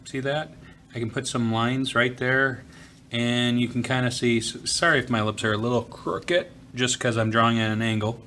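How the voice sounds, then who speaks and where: A man of middling pitch talks through a drawing lesson in an easygoing way, thinking aloud with fillers while he sketches. A faint hiss of room noise sits under his voice, recorded at a school desk. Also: fairly even intonation, moderate pace, sharp tone. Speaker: art teacher. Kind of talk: drawing tutorial narration. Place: school office.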